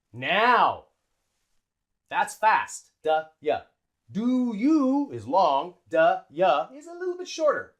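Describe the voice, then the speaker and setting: Animated, slow-paced pronunciation teacher. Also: mid-range voice. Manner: animated, repeats drills slowly and stretches sounds. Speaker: English teacher. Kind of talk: pronunciation lesson.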